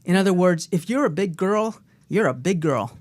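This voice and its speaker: A woman's voice: lowish voice, expressive, normal speed, darkish tone. A woman co-author on a talk show, speaking emphatically and repeating her key phrases. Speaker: co-author and former co-host.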